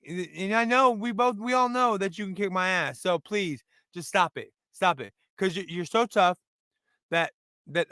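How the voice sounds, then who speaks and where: Bright-voiced rambling comedian, high and crisp. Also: male voice, no echo, clean studio sound. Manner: rambling, self-deprecating, restarts a lot. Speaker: stand-up comedian and host. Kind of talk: casual stand-up monologue. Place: room in front of a brick wall.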